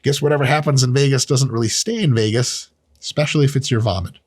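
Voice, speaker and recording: A man giving a casual, animated training explanation, full of swearing and jokes. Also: medium pitch, fast, breathy edge, no room sound, studio quality. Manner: animated, profane, jokey. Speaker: strength training educator.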